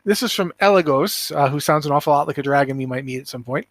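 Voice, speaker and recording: Animated man hosting a podcast. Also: fairly high pitch, quick pace, no echo. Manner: animated, rambling, self-interrupting. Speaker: podcast host. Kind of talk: casual podcast chat.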